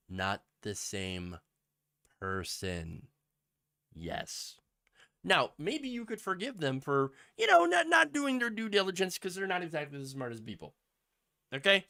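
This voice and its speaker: A male commentary host with a mocking, sarcastic delivery. His voice is bright and fairly high. His pitch leaps around a lot. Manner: mocking, sarcastic, with asides and laughs. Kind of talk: sarcastic commentary over news clips.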